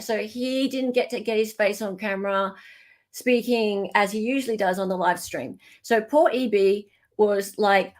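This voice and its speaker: Chatty Australian woman hosting a livestream. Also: medium pitch. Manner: chatty, laughs often, thanks viewers warmly by name. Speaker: livestream host. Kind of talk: casual livestream chat, reading viewer comments.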